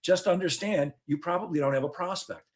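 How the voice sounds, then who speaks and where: A man giving sales advice in a conversational interview, animated and joking, acting out sales calls as he tells them. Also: a little high, brisk. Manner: joking, facetious asides. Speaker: sales trainer guest.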